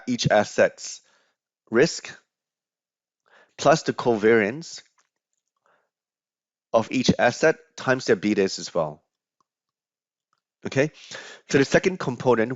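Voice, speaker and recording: A man's voice: medium pitch, no room sound. A man lecturing on finance over slides, explaining step by step with frequent fillers and restarts. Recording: dry, slightly dull lo-fi audio.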